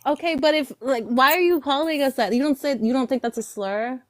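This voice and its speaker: A woman's voice: high voice, brisk. A woman from Western Pennsylvania calling into a livestream chat, guarded and defensive as she argues back. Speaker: caller on a livestream.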